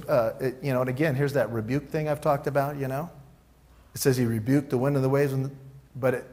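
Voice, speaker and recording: A middle-aged man preaching a conversational sermon, informal and joking, acting out prayers and Bible quotes in little voices. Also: fairly high pitch. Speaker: pastor.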